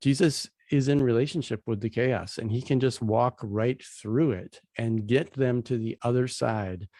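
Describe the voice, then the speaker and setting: Gravelly-voiced man teaching casually. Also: mid-range voice, a little slow, warm tone, no echo. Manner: conversational, retells scenes in plain everyday slang. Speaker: Bible teacher. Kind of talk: casual teaching walkthrough of slides.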